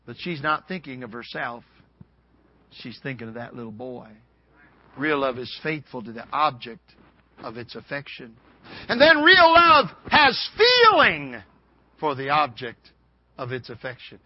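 A man preaching a revival sermon in a folksy, storytelling way, rising to loud peaks and dropping to a hush. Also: medium pitch, moderate pace, husky, no echo. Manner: swings from loud shouting peaks to hushed near-whisper. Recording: dull lo-fi recording.

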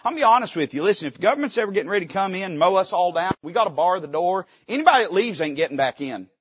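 A man's voice: high-pitched, expressive, racing, slightly rough, no room sound, lo-fi sound. A man preaching a fervent, folksy sermon from a church pulpit, his volume swelling and dropping suddenly. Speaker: pastor.

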